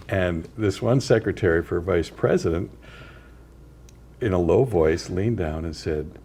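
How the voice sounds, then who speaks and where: An older man with a very deep, low-pitched voice tells his workplace stories at an easy pace, breaking off now and then to chuckle dryly. He speaks as a guest in a community TV studio, with faint noise in the background. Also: mellow. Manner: unhurried anecdotal storytelling, with dry chuckles. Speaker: author and guest. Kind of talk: storytelling interview.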